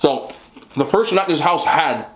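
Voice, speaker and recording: A man's voice: fairly high pitch, lively intonation, normal speed, fairly bright tone, slight background noise. A man hosting an eating show, rambling casually with lots of "like" and "you know". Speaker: mukbang host. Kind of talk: casual chat while eating.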